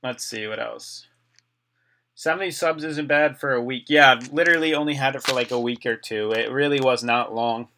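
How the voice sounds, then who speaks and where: A man's voice: mid-range voice, moderate pace, sharp tone. Chatty man hosting a live stream. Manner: chatty, reads viewer comments aloud and replies. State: voice getting dry and parched. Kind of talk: casual live stream chat reading comments.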